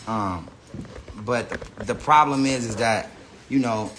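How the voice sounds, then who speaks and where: A man's voice: on the low side, slow, fairly bright tone, a little hiss or hum. An American man ranting on a casual phone livestream, rambling with lots of slang, profanity and restarts. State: says he is high. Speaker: live streamer. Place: indoor room with a big screen.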